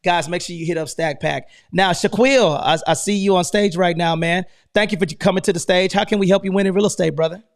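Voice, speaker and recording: A man's voice: high voice, steady tone, fast talker, hardly any pauses. A man hosting a live real estate stream, talking casually and energetically with lots of slang and repeated "man". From United States. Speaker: host.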